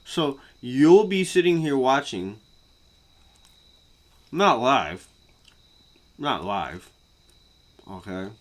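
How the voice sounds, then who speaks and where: A man ranting casually to camera as a vlogger, profane and repetitive, swinging from muttering to yelling. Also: mid-range voice, lively intonation, extremely slow, long pauses.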